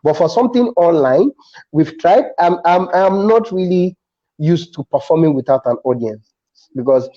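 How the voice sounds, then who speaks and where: A man with a Nigerian accent, a comedian chatting as a guest and telling stories with animated restarts. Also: on the high side, normal speed, dull audio. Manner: animated storytelling with frequent restarts. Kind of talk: casual interview chat.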